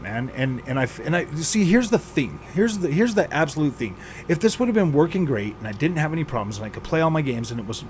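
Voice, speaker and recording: A man's voice: medium pitch, a little hiss or hum. A man hosting a gaming channel, venting with exasperation, sighing and repeating himself as he rants. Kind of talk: frustrated venting vlog.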